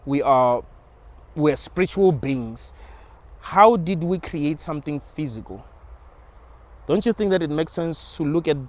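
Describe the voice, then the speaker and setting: A man's voice: fairly high pitch, a little mellow. A young man talking in a rambling, informal monologue about spirituality, with slang and frequent restarts. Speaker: channel host.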